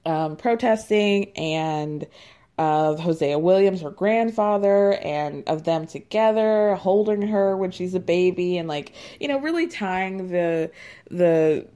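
Woman, casual reality TV recap, gossipy, laughs a lot, mellow warm voice. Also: lowish voice. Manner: chatty, gossipy, laughs often while retelling.

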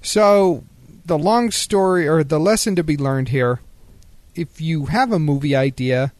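A man's voice: a little high, unhurried, darkish tone, no room sound. A man co-hosting a casual podcast, joking and sarcastic, laughing often as he talks. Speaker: podcast co-host. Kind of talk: casual chat.

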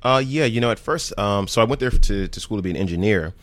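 Man from new jersey, podcast guest, low voice, animated storytelling, dry sound. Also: fast talker, no echo. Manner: animated, acts out quoted dialogue. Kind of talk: casual storytelling chat.

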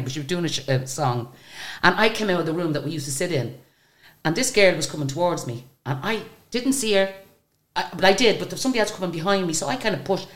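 Lively low-voiced older woman telling stories. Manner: chatty, animated retelling of stories with quoted dialogue. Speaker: guest singer. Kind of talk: radio interview, anecdotal storytelling.

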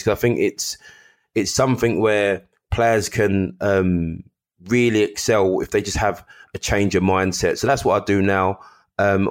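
A man who is a former footballer, talking earnestly in a casual podcast chat and often repeating words. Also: on the low side. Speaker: guest, former footballer and mentor.

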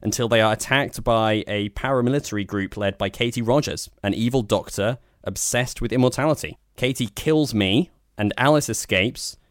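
A man with a low, smooth voice co-hosts a film podcast, chatting wryly and wandering through his points with frequent restarts. The sound is dry and close to the mic, with no room echo. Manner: rambling, wry, full of restarts. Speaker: podcast co-host. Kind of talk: casual film review chat.

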